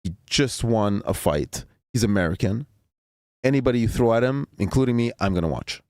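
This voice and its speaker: A man's voice: lowish voice, expressive, brisk, darkish tone, no room sound, clean studio sound. A man hosting a casual sports talk show, talking in a rambling, opinionated way and often repeating his words. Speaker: podcast host.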